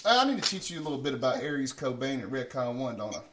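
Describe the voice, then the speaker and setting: A man's voice: mid-range voice, very animated, fast talker, a bit bright, distant mic. A man hosting a morning show in casual, profane chat, laughing often at his own jokes. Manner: swears freely, laughs often at himself.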